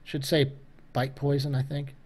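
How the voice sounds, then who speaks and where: A man acting as dungeon master, calmly walking players through their dice rolls in a tabletop game. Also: mid-range voice, moderate pace, slight background noise. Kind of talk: running a tabletop game over voice chat.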